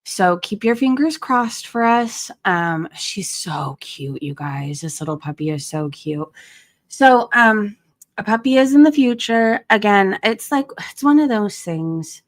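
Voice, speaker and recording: A middle-aged woman talks casually as a livestream host from home, chatty and loose, stopping often to greet viewers by name. Her voice sits at an ordinary pitch for a woman. The sound is dry and close, with little room behind it. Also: expressive, unhurried, no echo. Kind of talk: casual chat.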